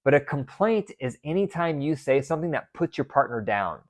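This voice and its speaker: A man's voice: a little high, very animated, moderate pace. A man hosting a marriage advice podcast as a therapist, talking with emphasis and often repeating key phrases.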